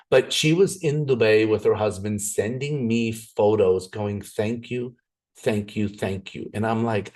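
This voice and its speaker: A man giving an excited, enthusiastic sales presentation, with big jumps in pitch. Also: slightly rough.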